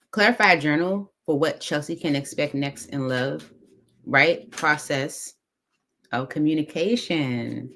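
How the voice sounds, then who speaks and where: A woman reading tarot cards aloud in a casual, chatty way, thinking out loud with many fillers. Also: deep voice, slight background noise. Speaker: tarot reader.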